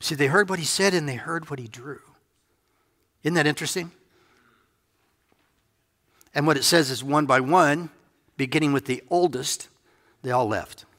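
A man's voice: fairly high pitch, normal speed, long pauses, pushed and bright. A male pastor giving a conversational sermon, musing aloud with playful asides. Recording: reverberant hall.

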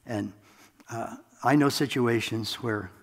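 A man preaching a sermon in a relaxed, conversational way, with self-deprecating asides, in a church sanctuary. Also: mid-range voice, takes it slowly. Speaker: pastor. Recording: long hall reverb.

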